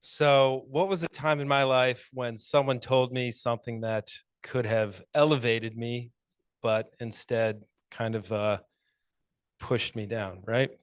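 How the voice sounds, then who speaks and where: A man giving an impromptu answer at a speaking club, thoughtful and measured, with some hesitant fillers. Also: mid-range voice, fairly even intonation, clear, resonant tone, no echo. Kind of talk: impromptu speech.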